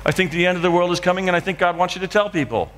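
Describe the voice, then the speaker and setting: A man voicing a kindly older male limo driver who gives gentle advice. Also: high-pitched, racing, long reverb tail. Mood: advising.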